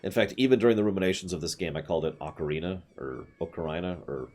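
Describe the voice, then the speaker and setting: Deep-voiced, animated male game streamer. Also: very fast. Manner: animated, chatty, opinionated asides. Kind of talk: game commentary.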